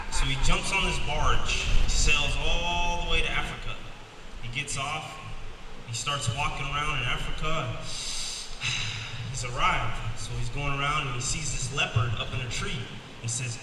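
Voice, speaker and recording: A man's voice: on the high side, unhurried. A man emceeing a prison event, telling a joke story and announcing speakers. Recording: echoey hall from far off, noisy.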